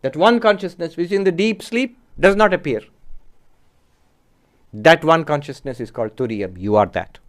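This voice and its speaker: Smooth-voiced man teaching Vedanta. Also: on the high side, animated. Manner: measured and explanatory, posing rhetorical questions. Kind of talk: spiritual discourse.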